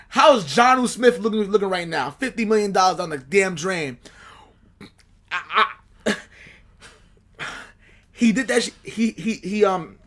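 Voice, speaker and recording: Podcast co-host, man, high-pitched, animated and frustrated, repeats lines. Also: moderate pace, pauses often. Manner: animated, exasperated, repeats himself. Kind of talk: casual fan chat.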